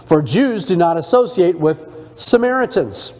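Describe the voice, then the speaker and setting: A man's voice: high voice, very animated, a little slow, a little mellow, big-room sound. A man teaching a church discipleship class, reading scripture aloud and stopping to comment in a conversational way. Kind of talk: Bible study sermon. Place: church sanctuary.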